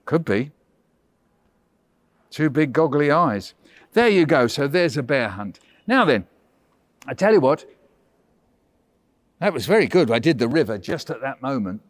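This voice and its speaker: A man visiting a hospital school classroom as a children's author, telling stories to young children in an animated, chatty and playful way. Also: mid-range voice, normal speed, no room sound. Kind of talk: lively storytelling to young children.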